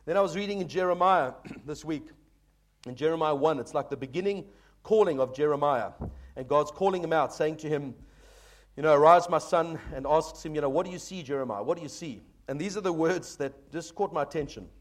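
A man's voice: fairly high pitch, fairly quick. A man preaching a sermon as pastor, earnest and exhorting, often addressing the congregation as folks.

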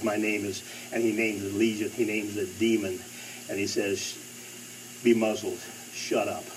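A man's voice: fairly low pitch, recorded from a distance, slight background noise, poor audio. A male preacher delivering a sermon, emphatic and repeating phrases for stress.

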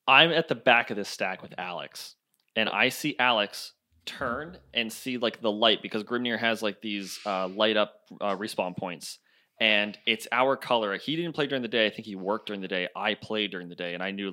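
A man's voice: on the low side, moderate pace. A man on a podcast telling a story in casual banter, swearing and laughing, close to the mic. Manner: animated, swears a lot, laughs while telling stories. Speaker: guest.

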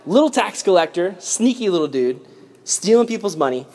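A young adult man preaching a casual, lively youth sermon. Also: high voice, moderate pace. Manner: lively, casual storytelling with slang. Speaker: youth pastor.

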